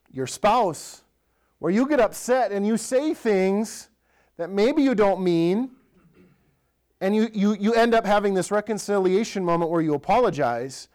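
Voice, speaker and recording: A man's voice: sits high, smooth. A man in his thirties, a pastor, giving a conversational sermon in a church, telling stories and asking the congregation direct questions. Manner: relaxed storytelling, asks the congregation direct questions.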